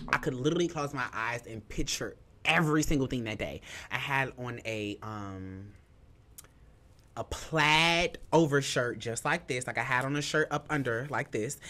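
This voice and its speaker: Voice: medium pitch, measured pace, pushed and bright. A young adult podcast host telling a personal story, candid, emphatic and profane, heavy on fillers, emotional and holding back tears.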